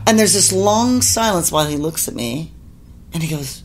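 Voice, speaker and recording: Husky-voiced woman telling lively stories. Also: lowish voice, normal speed. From Canada. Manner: animated anecdote-telling, acting out quotes, laughs often. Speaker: guest singer. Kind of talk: casual storytelling in a podcast interview.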